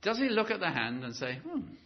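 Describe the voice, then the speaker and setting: Male preacher, lively sermon delivery with drawn-out emphasis, dull lo-fi church recording. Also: fairly high pitch, vocal fry. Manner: animated, stretches key words for emphasis.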